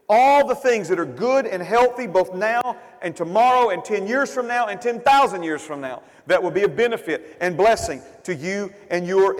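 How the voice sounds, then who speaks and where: A man preaching a sermon as pastor, with loud, emphatic bursts that drop to quiet, quick asides. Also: sits high. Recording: long hall reverb.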